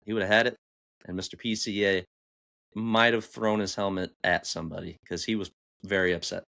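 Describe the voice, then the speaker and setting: Lively man recapping a ballgame. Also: low-pitched, brisk, gravelly. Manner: excitable, animated storytelling. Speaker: podcast host. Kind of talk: casual sports recap. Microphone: camera on upper body, desk mic.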